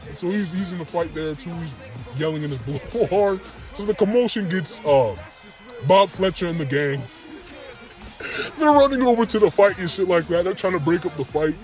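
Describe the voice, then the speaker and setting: A man's voice: moderate pace, faint music behind. A young man from Minnesota giving a loose, profane comedy monologue as a YouTuber. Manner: loose, slangy and profane, animated swings in pitch.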